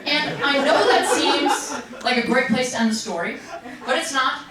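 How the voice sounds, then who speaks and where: A young woman performing a stand-up comedy set, self-mocking, with sudden jumps into high voices. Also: normal speed. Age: young adult. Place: comedy stage with live audience. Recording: distant, roomy live recording with loud crowd.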